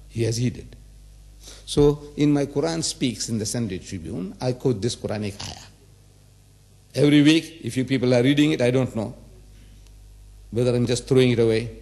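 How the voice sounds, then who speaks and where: A man's voice: medium pitch, normal speed, long pauses, darkish tone. A man in his seventies giving a public religious lecture, emphatic and repetitive, asking the audience rhetorical questions. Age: 70s.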